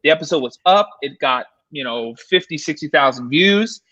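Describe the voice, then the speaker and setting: A man, a paranormal investigator, telling an animated story in a casual interview, full of fillers and restarts. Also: fairly high pitch, normal speed, no room sound, dull audio. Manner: excited, filler-heavy, animated retelling.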